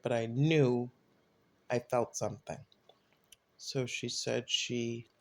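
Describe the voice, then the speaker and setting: A man recounting a personal event in a loose, conversational way. His voice sits in an ordinary middle register. When he quotes others, he lifts his pitch and energy. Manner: animated retelling, voices quotes with rising pitch. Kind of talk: casual storytelling.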